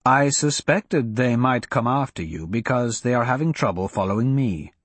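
A man reading an audiobook, voicing an ancient, cryptic male wizard who speaks in a measured, grave and blunt way. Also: mid-range voice, lively intonation, no room sound, close to an everyday voice. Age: older.

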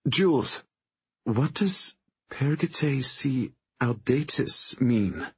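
A man putting on a frightened young woman explorer whose voice runs high above his own, thin and halting. She sounds exhausted and desperate, with a gravelly, husky edge. It is a dry, slightly muffled recording. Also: lively intonation, heavily acted. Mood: hushed.

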